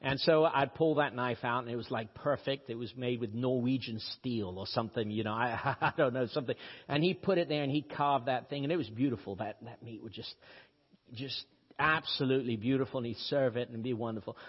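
A man from Brazil with a slight British-tinged accent, preaching a sermon in a storytelling way with sudden rises in pitch for emphasis. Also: brisk, husky. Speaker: pastor. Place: church. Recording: dull lo-fi audio with long church reverb.

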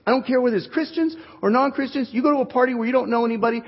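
A male pastor preaching an animated sermon, joking with his congregation. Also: very high voice, racing. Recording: dull recording in a reverberant hall.

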